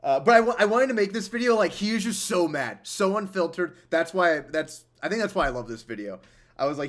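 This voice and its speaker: A man's voice: high voice, expressive, brisk. A man casually chatting on his livestream, reading out donation messages and laughing easily.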